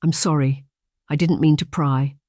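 The audiobook narrator voicing a shy, uncertain young gentlewoman who speaks hesitantly and softly. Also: medium pitch, fairly even intonation, normal speed, no echo, studio quality, lightly acted. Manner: hesitant and soft-spoken. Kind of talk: audiobook character voice.

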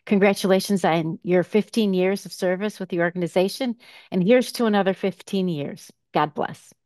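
A woman's voice: medium pitch, normal speed, darkish tone, no echo, studio quality. A woman who works as a director of pastoral care records a plain, sincere tribute message.

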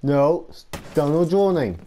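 A man's voice: a little high, expressive, measured pace, warm tone, a little hiss or hum. A man trash-talking his opponent in casual gaming banter, swearing freely. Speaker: gamer.

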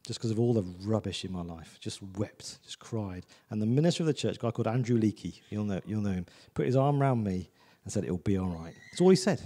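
A man's voice: lowish voice, lively intonation, fast, hardly any pauses, warm tone, long reverb tail. A man preaching a sermon in a church, in a chatty, conversational way, often asking "do you know what I mean". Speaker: visiting preacher.

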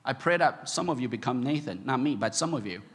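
A man preaching a sermon as pastor, halting with many fillers and restarts, then bursting into animated emphasis. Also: medium pitch, a little hiss or hum. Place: church sanctuary. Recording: echoey church hall.

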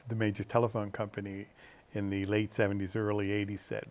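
A male host leading a discussion in a studio interview. His voice sits somewhat low. He works his way to each point with hesitations and filler words. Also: level tone, brisk, darkish tone. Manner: meandering, frequent "you know" and "um". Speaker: TV show host.

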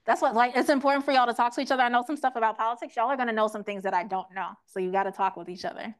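Brief: young woman, highish voice, lecturing a group, asks questions, acts out quotes. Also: fairly even intonation, rapid-fire. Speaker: teach-in speaker. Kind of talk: interactive classroom lecture.

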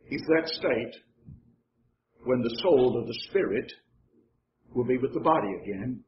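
A man preaching a sermon as pastor, slow and measured with pauses. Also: mid-range voice, a little hiss or hum. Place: church sanctuary. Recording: roomy church sound, slightly dull.

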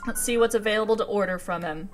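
A young woman in her twenties talking through a cozy video game, excitable and quick to giggle. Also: medium pitch, faint music behind. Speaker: gaming channel host. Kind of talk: let's play commentary.

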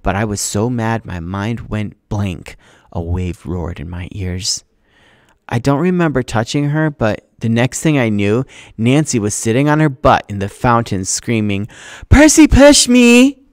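Male teacher reading aloud, expressive, lowish voice, dry close sound. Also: a little slow, no echo. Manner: expressive, acting out the dialogue.

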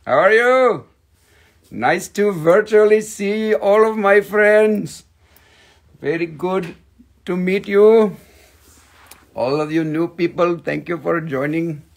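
A man's voice: high-pitched, slow pace, gravelly, long pauses. A man hosting a casual live stream from home, chatting in a playful, joking, rambling way. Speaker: live-stream host selling stones.

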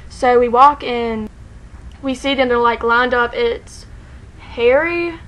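A woman telling a story to the camera in a casual vlog, excited and rambling, saying "like" constantly and laughing often. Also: a little high, slow pace, rough recording. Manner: excited, rambling, heavy use of "like", frequent laughter.

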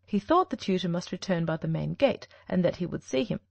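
A shrewd, confident detective who lays out his reasoning with authority, as a woman reader takes on his lines. The voice rises and falls with lively swings of pitch, and a gravelly edge creeps into it. The storybook reading sounds dry and close. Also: a little fast, no echo. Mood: explaining. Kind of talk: audiobook reading.

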